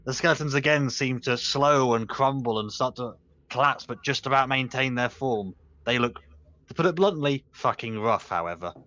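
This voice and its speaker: A man's voice: mid-range voice, moderate pace, sharp tone. A man narrating as game master in a casual, loose way, full of small fillers.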